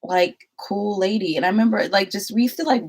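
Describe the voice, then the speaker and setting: A woman's voice: mid-range voice, brisk, a little mellow, breathy edge. A young adult woman vlogger telling a personal story to her viewers in a casual, rambling way, full of "like" and asides.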